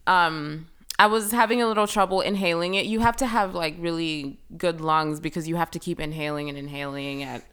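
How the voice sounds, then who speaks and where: A young woman telling a personal story as a guest in a casual chat, full of fillers and lively retelling. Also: sits low, fairly quick, hardly any pauses, smooth. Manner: chatty, filler-heavy, animated retelling.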